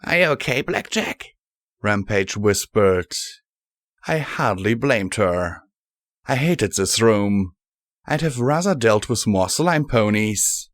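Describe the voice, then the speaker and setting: A man reading a fan-fiction audiobook in a measured, steady first-person narration. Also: fairly low pitch, no room sound, studio quality. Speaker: audiobook reader.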